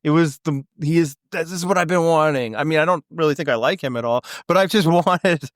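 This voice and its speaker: A man's voice: on the high side, no room sound, studio quality. Rambling man on a podcast. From Canada. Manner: rambling, quick asides and restarts. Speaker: podcast co-host. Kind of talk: casual chat.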